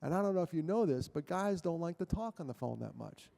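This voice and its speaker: A middle-aged man talks to an audience in a large hall, his voice echoing with a long tail. His tone is mellow and a bit high for a man. He tells stories in an animated way, acts out quotes and jokes with the crowd. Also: quick pace, gravelly. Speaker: guest speaker. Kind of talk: motivational talk to an audience.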